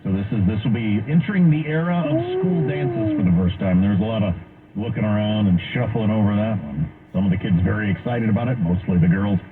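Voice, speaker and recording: A man's voice: on the low side, big pitch swings, brisk. Easygoing male radio co-host. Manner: easygoing storyteller, light laughs. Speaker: radio talk show co-host. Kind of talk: casual radio banter. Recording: tinny radio broadcast.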